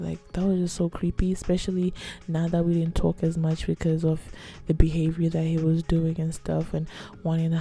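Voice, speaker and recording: Soft-spoken young woman with a gravelly, mellow voice. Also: on the low side. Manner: chatty, soft-spoken, full of "like". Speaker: vlogger. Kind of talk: casual ASMR storytelling.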